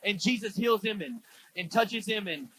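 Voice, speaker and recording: A man's voice: high-pitched, expressive, moderate pace, pushed and bright, a little hiss or hum, poor audio. A male pastor preaching a sermon in a casual storytelling way, full of fillers, in a church.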